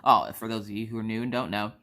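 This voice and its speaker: Low-voiced woman telling a story. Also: fast talker. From South Carolina. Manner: animated anecdote-telling, chatty and blunt. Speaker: craft vlogger. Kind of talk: casual storytelling chat.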